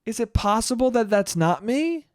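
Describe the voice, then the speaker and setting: A man's voice: sits high, sing-song, normal speed, a little hiss or hum, pitched above the performer's own voice. A man voicing an evasive female murder suspect who pleads her innocence in a raised, wheedling voice. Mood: pleading.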